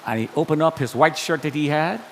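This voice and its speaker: A man giving a testimony in a church, telling his story with lively, acted-out dialogue. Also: fairly quick. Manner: animated, acts out dialogue with shifting pitch. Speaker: guest speaker sharing testimony. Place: church auditorium. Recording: long hall reverb with faint hiss.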